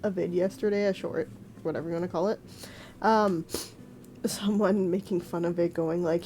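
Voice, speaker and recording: Woman streamer, casual rant, swears freely, mellow voice. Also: medium pitch, fairly even intonation, moderate pace, pauses often, slight background noise. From Quebec, Canada. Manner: ranting, profane, many fillers. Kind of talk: casual chat.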